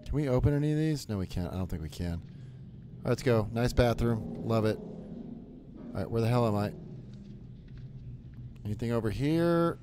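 A man's voice: mid-range voice, animated, moderate pace, pauses often, warm tone, faint music behind. A man streaming a horror game, chatting casually to viewers, jokey and swearing as he plays. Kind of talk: casual live game commentary.

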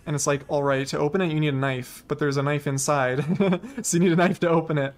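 A man's voice: on the high side, fairly even intonation, fast talker. A young man streaming a game live, chatting and rambling, shrieking and laughing when startled. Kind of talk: live gameplay commentary. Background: faint game music.

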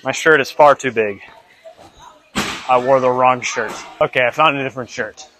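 A man's voice: medium pitch, normal speed, pushed and bright, slight background noise. A young man vlogging his gymnastics practice on a clip-on mic, self-deprecating and tired, often out of breath. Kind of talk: mic'd-up gym vlog commentary. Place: indoor gymnasium.

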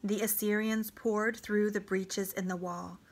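Woman reader for a student audiobook; slow, dramatic, deliberate narration. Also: medium pitch, flat delivery. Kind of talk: reading a novel aloud.

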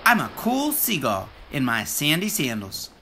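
Brief: a reader doing an excitable young seagull, squawky, bright and lively. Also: mid-range voice, unhurried, a little hiss or hum, full character voice. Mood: cheerful. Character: cheerful young male seagull.

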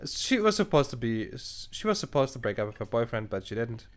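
Young man, non-native English, gaming commentary, animated, swearing, mid pitch. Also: fairly quick. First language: not English. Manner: animated, swearing, thinking aloud while reading choices. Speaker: gaming channel host. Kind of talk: casual let's play commentary.

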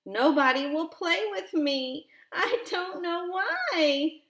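A woman's voice: very high voice, animated, slow pace, a bit bright, pitched above the performer's own voice, full character voice. A woman voicing a friendly, lonely little male lion cub who keeps asking others to play with him, in a storybook reading. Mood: sad. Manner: pleading, hopeful questions. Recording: roomy echo.

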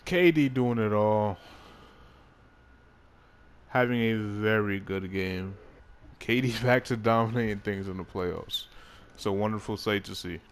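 Male gaming creator, low voice, loose excitable play-by-play with swearing. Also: moderate pace, slight background noise. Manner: excitable, swears, laughs at himself. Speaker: gaming YouTuber. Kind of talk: casual gameplay commentary.

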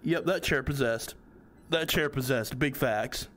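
Playing a horror game, a young man offers jittery let's-play commentary in a mid-range, a bit bright voice, speaking without hurry. He curses and begs with whatever appears in front of him.

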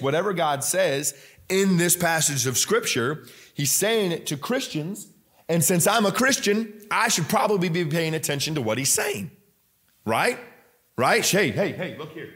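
A man's voice: medium pitch, fairly bright tone. A male pastor preaching a sermon in a church, emphatic and conversational, often questioning the congregation directly. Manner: frequent fillers and restarts, conversational.

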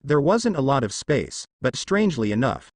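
A man narrating a fan story in a lively, expressive reading voice on a close mic. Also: mid-range voice, normal speed, no echo. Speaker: fanfiction reader.

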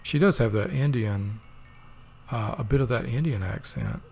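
Gravelly man rambling over gameplay. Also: on the low side, expressive, normal speed, a little mellow. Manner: meandering, wry, thinks aloud with many fillers. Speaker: let's play host.

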